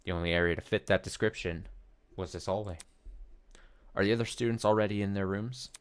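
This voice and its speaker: A man doing a half-hearted impression of a calm male student from a mystery game. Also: fairly low pitch, brisk, smooth, close to an everyday voice. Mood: matter-of-fact. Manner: half-hearted impression, reading dialogue aloud.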